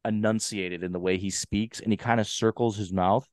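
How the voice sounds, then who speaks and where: Animated young man, dry close sound. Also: fairly low pitch, moderate pace, dry recording. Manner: animated, acts out movie lines, swears casually. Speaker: podcast co-host. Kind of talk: casual chat.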